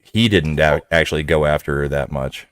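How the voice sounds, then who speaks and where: A man with a very deep voice adds details and corrections to a relaxed film discussion. His voice is recorded close and dry, with no room sound around it. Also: normal speed, clean tone, dry recording. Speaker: podcast co-host. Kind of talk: casual movie review chat.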